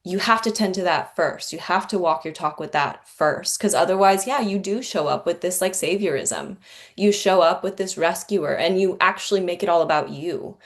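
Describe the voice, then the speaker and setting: A woman's voice: on the low side, moderate pace. A woman hosting a podcast, telling a personal story in an earnest, candid way, with many "like" fillers. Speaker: podcast host. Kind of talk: reflective conversational storytelling.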